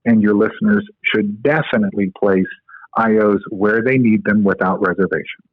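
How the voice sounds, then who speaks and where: A man's voice: lowish voice, fairly even intonation, moderate pace, dry recording. A man who is a guest on a podcast, explaining medical technique step by step and telling stories with plenty of filler words. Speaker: guest, co-inventor of a medical device. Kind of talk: podcast interview. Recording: tinny phone-like line, dry.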